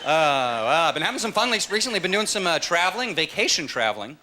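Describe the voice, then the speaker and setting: A man doing a stand-up comedy set on stage, acting out voices and shouts. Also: a little high, quick pace, a little hiss or hum. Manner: animated, jumps into shouted voices for characters. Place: comedy club stage with audience laughter. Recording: live club recording, loud audience laughter.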